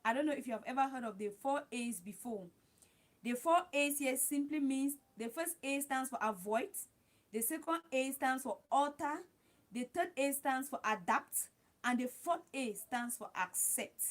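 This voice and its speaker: A woman with a high voice hosts a live stream and gives casual advice. She talks in a chatty, repetitive way and calls her viewers guys. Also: normal speed. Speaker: livestream host.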